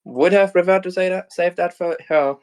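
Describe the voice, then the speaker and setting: A man voicing an excited young AI girl. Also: sits high, moderate pace, clear, resonant tone, pitched above the performer's own voice, natural voice. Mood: determined. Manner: excited, squealing outbursts. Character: cheerful bubbly young AI girl hero.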